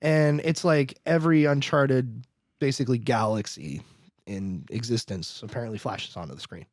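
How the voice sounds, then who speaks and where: A man's voice: mid-range voice, normal speed, no echo, studio quality. A man hosting a podcast, recapping a film in rambling casual chat packed with "like" and acted-out quotes. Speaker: podcast host.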